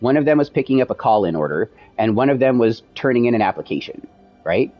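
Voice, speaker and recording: A man's voice: mid-range voice, fast, highs cut off. A man streaming, casually telling a long personal story, acting out the dialogue with plenty of swearing. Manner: animated, profane retelling with quoted dialogue.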